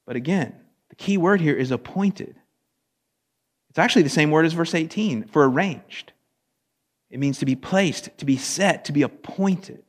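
Animated man preaching a casual sermon. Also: moderate pace, pauses often, big-room sound. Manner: conversational, animated, acts out quotes with rising pitch. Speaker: pastor.

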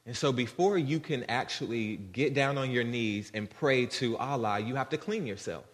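A male pastor preaching a sermon, swinging from loud, fervent emphasis to soft, tender tones. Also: mid-range voice, normal speed. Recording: long hall reverb.

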